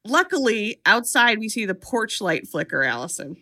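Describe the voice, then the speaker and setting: Bright-voiced podcast lady recapping a horror flick, acting out the lines, snarky. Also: medium pitch, moderate pace. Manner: lively storytelling, acts out quotes, sarcastic asides. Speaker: podcast co-host recapping a film. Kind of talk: animated comedic film recap.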